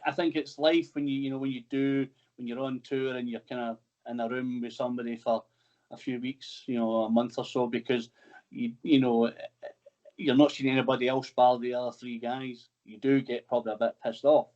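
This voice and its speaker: A man's voice: medium pitch, flat delivery, a little fast, a little mellow, highs cut off. A man hosting a casual interview, chatty and teasing, who swears freely. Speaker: podcast host.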